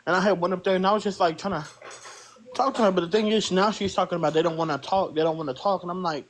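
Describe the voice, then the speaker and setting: A man's voice: high voice, fairly even intonation, fast talker. A man retelling a confusing morning on a TikTok live stream. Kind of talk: casual storytelling.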